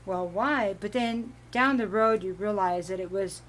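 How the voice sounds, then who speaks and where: A woman giving a casual, meandering tarot reading at home, giggling now and then and clearing her throat from allergies. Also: mid-range voice, normal speed. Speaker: tarot reader.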